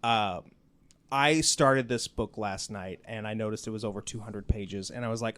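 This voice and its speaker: A man's voice: lowish voice, normal speed, a bit bright. A man hosting a podcast in casual chat, rambling with lots of fillers. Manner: rambling, lots of "like" and "you know". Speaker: podcast host.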